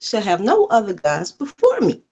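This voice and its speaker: Woman guest, lively pitch swings, challenging questions. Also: moderate pace, husky. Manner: questioning, animated, interrupts with objections. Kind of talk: casual religious discussion.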